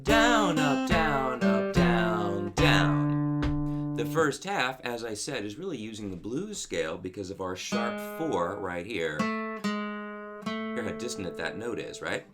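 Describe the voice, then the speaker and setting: A man giving a guitar lesson in a calm, methodical way, counting beats and scatting rhythms aloud as he explains the parts. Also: on the low side, unhurried. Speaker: guitar teacher. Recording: music playing loud under the voice.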